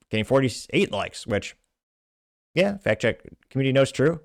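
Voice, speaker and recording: A man from Texas hosts a political commentary show, reading out social media posts. He drops sardonic, dry asides between them. His voice sits at a middling pitch, close and dry with no room sound. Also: very animated, normal speed, no echo.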